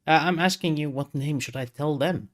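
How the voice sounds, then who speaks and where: A man playing a tabletop game in casual chat, asking quick questions with small stumbles. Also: a little high, fairly bright tone. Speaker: player.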